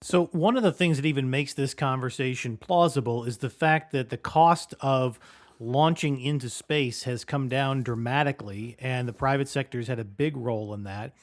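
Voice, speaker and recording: A man hosting a podcast interview, asking long, measured questions with occasional fillers. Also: medium pitch, no room sound, studio quality. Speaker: podcast host.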